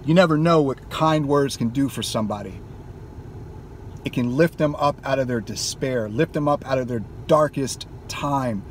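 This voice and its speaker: With a medium-pitched voice at a moderate pace, this gaming YouTuber vents emphatically in a car vlog, swearing as he goes. Slight background noise is present.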